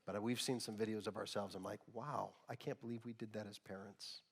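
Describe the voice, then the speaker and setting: A middle-aged man preaching a sermon as pastor, telling stories in an animated way. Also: lowish voice, brisk, slightly rough. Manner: storytelling, with loud bursts of laughter and mimicry. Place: church sanctuary. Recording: long reverb of a church hall.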